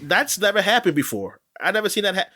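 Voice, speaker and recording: Animated rambling man, lively voice. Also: sits high, fast. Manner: rambling, animated, many fillers and restarts. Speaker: podcast co-host. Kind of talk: casual chat about sports.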